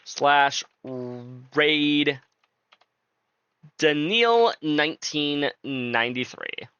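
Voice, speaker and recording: A man's voice: on the high side, very slow, bright, forceful tone, clean tone, no room sound, lo-fi sound. A man streaming a video game, chatting casually and jokingly with his viewers. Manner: laid-back, joking, talks to chat. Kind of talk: casual live-stream chat.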